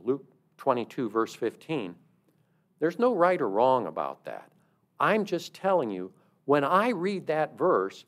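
A middle-aged man preaching a sermon in a conversational, storytelling way, stressing words emphatically. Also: medium pitch.

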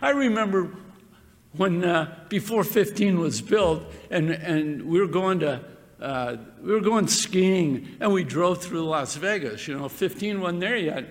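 A man's voice: high voice, expressive, unhurried. A man preaching a sermon, stressing words and repeating phrases. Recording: long reverb of a hall.

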